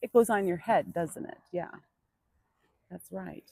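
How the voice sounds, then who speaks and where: A woman gives a hands-on burro training demonstration, speaking patiently at a measured pace in a fairly low voice. Between explanations for viewers, she softly coaxes the animal, and the recording is dry.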